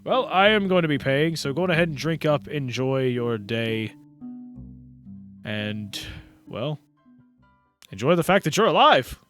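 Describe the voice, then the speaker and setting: A man voicing a generous patron who offers to pay for the drinks, in a relaxed, slightly soft way. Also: a little high, unhurried, long pauses, faint music behind. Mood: easygoing.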